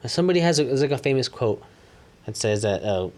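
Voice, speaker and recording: A man's voice: medium pitch, lively intonation, fast talker, darkish tone. Rambling male podcast co-host. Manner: rambling, heavy use of "like", swears casually. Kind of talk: casual chat.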